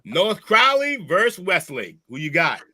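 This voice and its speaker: A man's voice: high-pitched, huge pitch swings, a little slow, sharp tone. A man hosting a casual sports show with friends, loose and joking, swearing often. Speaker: sports podcast host.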